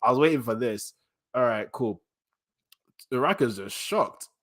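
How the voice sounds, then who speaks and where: A man giving casual, excitable reaction commentary on a manga chapter, full of slang. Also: medium pitch, measured pace. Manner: excitable, slangy, reads panels aloud with bursts of laughter.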